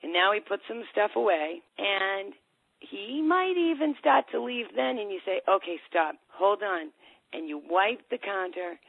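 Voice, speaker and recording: Gravelly woman on a tinny phone line. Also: mid-range voice, unhurried, no echo. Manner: storytelling, acts out voices in a lively way. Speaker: ADHD coach. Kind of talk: talk on a call. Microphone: phone or call line.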